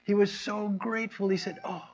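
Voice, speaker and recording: A man's voice: mid-range voice, fairly quick. Storytelling male preacher, muffled recording. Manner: storytelling, acts out people's lines in a raised, animated voice. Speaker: pastor. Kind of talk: conversational sermon.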